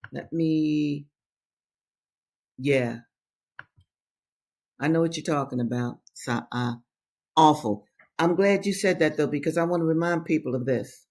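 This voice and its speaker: A woman's voice: sits low, a little mellow. A woman hosting a reading show, reading aloud and commenting, repeating phrases for stress and speaking straight to her listeners. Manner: addresses listeners directly as brothers and sisters. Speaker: host reading books to her audience.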